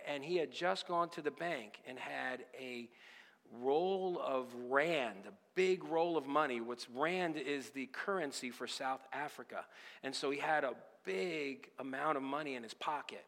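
A man's voice: a little high, moderate pace, fairly bright tone, big-room sound. A man preaching a sermon, telling a story with voiced quotes and exhorting his church to give. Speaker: pastor. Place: church sanctuary.

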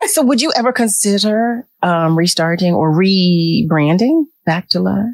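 A woman host on a radio talk show, her voice dry and close to the mic. She talks in an animated, emotional way and laughs often. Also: on the low side, a little slow, no echo.

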